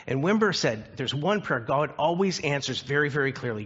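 A man preaching a sermon as a pastor, telling a story earnestly and slowing down for emphasis. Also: mid-range voice, lively intonation, a bit bright, husky, muffled recording.

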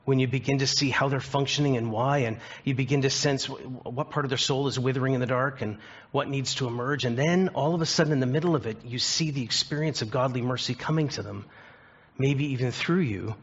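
A man preaching a sermon as a pastor, telling a story earnestly and slowing down for emphasis. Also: medium pitch, breathy edge, lo-fi sound.

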